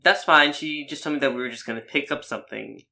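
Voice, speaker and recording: A man's voice: mid-range voice, fast, vocal fry, pushed and bright. A man in casual conversation, telling a story in a hesitant, rambling way with frequent fillers. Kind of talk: casual chat.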